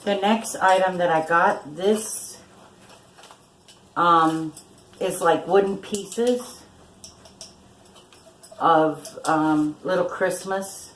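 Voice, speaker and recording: An older woman takes her time showing off her finds, gushing over each one. Her speech is slow and relaxed. The room rings with echo, and a faint hiss sits under her voice. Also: lowish voice. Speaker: vlogger. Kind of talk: casual thrift haul vlog.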